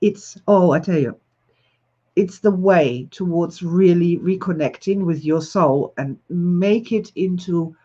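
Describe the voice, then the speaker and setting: An enthusiastic, expressive woman in her sixties who laughs often as she hosts a livestream and greets her viewers. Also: on the low side. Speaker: host. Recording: slightly dull lo-fi recording.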